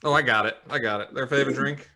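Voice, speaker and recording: A man co-hosting a casual podcast happy hour, reading out viewer comments in a relaxed, halting way with plenty of fillers. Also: medium pitch. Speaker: podcast co-host. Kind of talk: casual live-stream chat.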